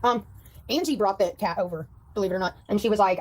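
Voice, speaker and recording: A woman's voice: medium pitch, quick pace, a little mellow. A woman ranting casually on a livestream, brash, profane and combative. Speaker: livestreaming YouTuber.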